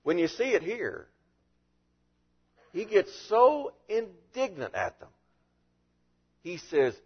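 A man preaching a sermon as a pastor, with animated delivery and frequent rhetorical questions. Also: high voice, slow, long pauses, slightly rough, dull audio.

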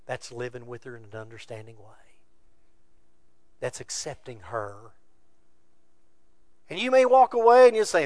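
Male pastor, high voice, earnest sermon delivery, shifting soft to loud. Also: sing-song, moderate pace, pauses often, dry recording. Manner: earnest exhorting preaching, swinging between soft and loud.

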